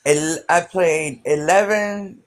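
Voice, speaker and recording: A woman's voice: on the low side, slow, faint music behind. A middle-aged woman telling a story in casual chat, rambling with many fillers.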